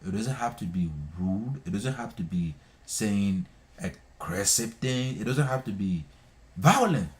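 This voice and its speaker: Hosting a live stream, a man delivers an impassioned, scolding monologue, repeating himself and hammering his points emphatically. His voice sits on the low side, expressive and a little slow.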